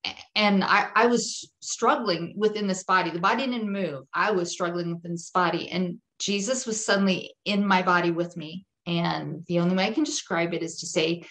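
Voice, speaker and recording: A woman's voice: fairly low pitch, fairly even intonation, moderate pace, a bit bright. A woman guest on a podcast, telling a personal testimony in an earnest, vivid way and repeating phrases for emphasis. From Jewish home.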